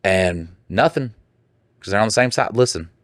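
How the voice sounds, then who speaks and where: A man's voice: on the low side, lively intonation, moderate pace, dry recording, studio quality. Blunt, profane man on a podcast. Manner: blunt, profane, mocking put-on voices. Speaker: podcast co-host. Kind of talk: crude casual chat, reading listener letters.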